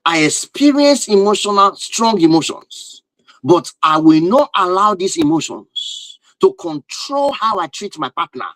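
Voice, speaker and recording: A man gives a relationship talk in a fairly high voice, driving home each point with repetition and asking "you understand?" He stays emphatic and direct, and the sound is close and dry with no room echo. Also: fairly bright tone. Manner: emphatic and repetitive, asks rhetorical questions. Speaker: relationship teacher. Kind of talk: lecture-style talk to viewers.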